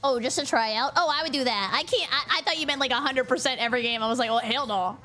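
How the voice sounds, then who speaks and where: A woman streamer chatting casually on a live stream, excitable and giggly, squealing greetings to her chat. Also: sits high, fast, soft background music.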